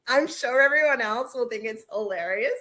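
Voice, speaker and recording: Effusive woman co-host, slightly high voice. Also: sing-song, a little slow, a bit bright. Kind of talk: casual interview chat.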